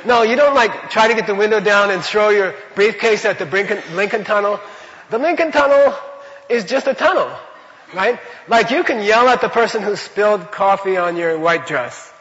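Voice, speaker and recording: A man's voice: high-pitched, normal speed, a bit bright, big-room sound, lo-fi sound. A man teaching a Buddhist class in a loose, conversational way, full of rhetorical questions and repeated phrases.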